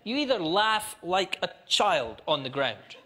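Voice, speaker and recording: A Scottish man doing a stand-up comedy set, animated and chatty as he tells stories to a live audience. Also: high-pitched, unhurried. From Scotland. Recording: live show with audience laughter.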